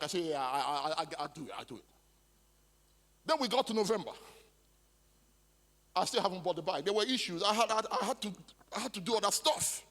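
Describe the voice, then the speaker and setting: A pastor with a high, slightly bright voice preaches animatedly and fairly quickly in a large church hall, pausing often. He uses emphatic repetition and stammered restarts, and long reverb fills the recording.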